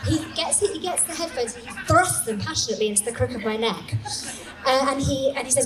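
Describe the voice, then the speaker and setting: A woman in her forties telling comic personal stories on a small comedy stage, animated and self-mocking. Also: a little high, quick pace, far from the mic, over music. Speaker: storyteller. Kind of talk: comic live storytelling. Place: small comedy venue, indoors. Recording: echoey live room with background noise.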